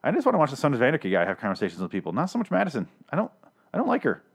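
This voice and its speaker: A man's voice: medium pitch, wildly swooping pitch, rapid-fire, gravelly, breathy edge. A man hosting a casual TV episode recap, rambling, profane and opinionated as he talks. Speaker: podcast host.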